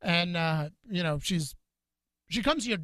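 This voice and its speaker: A man co-hosting a home-studio talk show, telling a long story in a rambling, animated, profane way and stumbling over his words. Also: high voice, measured pace, no echo. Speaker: podcast co-host. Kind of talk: casual storytelling chat. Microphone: studio microphone.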